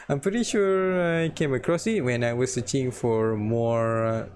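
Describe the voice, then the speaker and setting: A man's voice: medium pitch, slow pace, darkish tone, clean tone. A man co-hosting a casual podcast chat, stuttering and restarting often, with frequent laughs. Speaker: podcast co-host.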